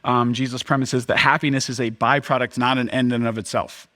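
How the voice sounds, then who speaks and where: A man's voice: mid-range voice, fairly even intonation, fast talker, bright, forceful tone. A young adult man, a pastor, preaching a sermon in a church, often acting out the crowd's reactions in a raised voice.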